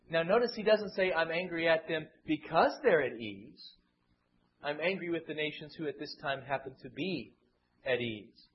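A man's voice: a little high, moderate pace, slight background noise. A man preaching an expository Bible sermon who acts out the voices he quotes with dramatic swings. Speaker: pastor. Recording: muffled lo-fi sermon recording.

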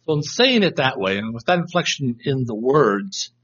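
Husky, animated man teaching a Bible class. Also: medium pitch, moderate pace. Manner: reflective, reads verses aloud and tries out inflections. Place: room with a live class. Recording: dull lo-fi recording.

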